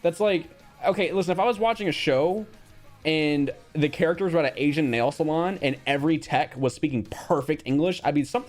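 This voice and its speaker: A man's voice: a little high, animated, fairly quick, soft background music. A young man streaming casually, reacting bluntly to a quiz with frequent swearing and reading out chat.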